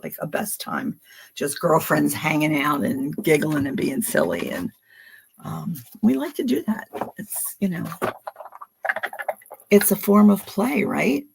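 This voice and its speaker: A woman's voice: sits low, creaky, darkish tone, breathy edge. A woman in her seventies from Philadelphia, reading tarot on a livestream and chatting casually, rambling from story to story with frequent laughter. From Philadelphia, USA. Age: 70s. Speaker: tarot reader hosting a livestream.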